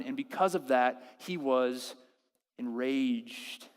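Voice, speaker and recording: A man delivers a sermon at a church service with lively energy. His voice sits on the higher side for a man. He often stumbles and restarts while acting out quoted prayers, and a long reverb trails his words through the hall. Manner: animated, acts out quoted prayers with halting restarts. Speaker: pastor.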